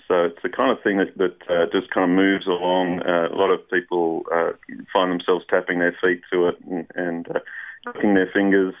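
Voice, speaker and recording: A man's voice: sits low, level tone, normal speed. An Australian man, a musician, talking in a casual radio interview, hesitant with many restarts and fillers. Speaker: musician guest. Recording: tinny phone line.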